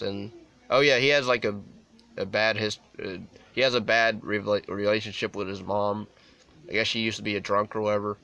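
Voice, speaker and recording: Young adult man, casual movie review, rambling, lots of fillers and restarts, low voice, crisp smooth tone. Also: bright, forceful tone. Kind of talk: casual unscripted film review.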